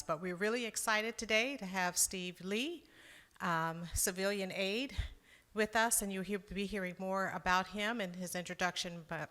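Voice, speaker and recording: A woman's voice: medium pitch, bright, forceful tone. Lady running the meeting, reading off whos next, roomy sound. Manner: announcing the program order. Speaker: meeting leader. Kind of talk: meeting announcements. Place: club meeting hall. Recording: echoey hall.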